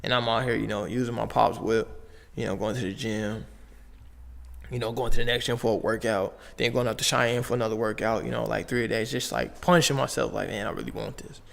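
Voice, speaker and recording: A young man from Las Vegas speaks with a gravelly, fry-edged voice. He tells his story in a loose, slang-heavy way. A long reverb trails behind his words. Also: on the low side, a little fast. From Las Vegas, United States. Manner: slangy, animated retelling with frequent "like" and "bro". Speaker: podcast guest. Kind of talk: casual storytelling.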